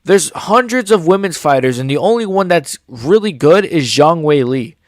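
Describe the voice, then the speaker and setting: A young man giving a profane, heated fight reaction as an MMA YouTuber, often swearing and rising into shouts. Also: on the high side, expressive, moderate pace, no room sound, studio quality.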